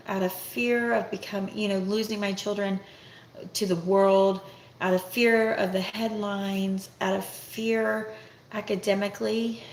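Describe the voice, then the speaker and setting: A middle-aged woman chats candidly to her camera, rambling and thinking aloud as she goes. Her voice has a gravelly edge and sits in a middle range. The room is echoey, with a faint hiss behind her. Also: mid-range voice, little pitch movement, measured pace. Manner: candid, rambling, self-reflective. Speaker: vlogger, homeschooling mother. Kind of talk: casual talk to camera.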